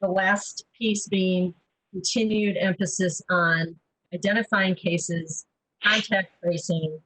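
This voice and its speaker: A woman, a public health dean, making measured formal remarks to a county meeting. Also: fairly low pitch, a bit bright, dry recording, poor audio.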